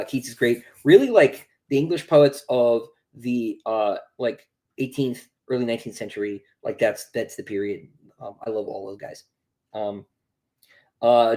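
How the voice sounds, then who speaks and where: A man's voice: medium pitch, darkish tone. A young man, an author, chatting casually on a livestream, reading out viewer questions and answering with lots of ums and restarts. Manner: rambling, many ums and restarts, reads questions aloud.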